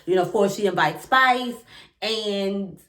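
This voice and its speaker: A woman giving a casual, animated reaction recap of a reality show, talking fast with lots of fillers and asides. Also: medium pitch.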